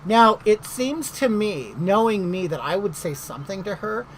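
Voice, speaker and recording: Animated, gossipy middle-aged storyteller. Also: medium pitch, normal speed, slight background noise, poor audio. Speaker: vlogger. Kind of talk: casual storytelling chat.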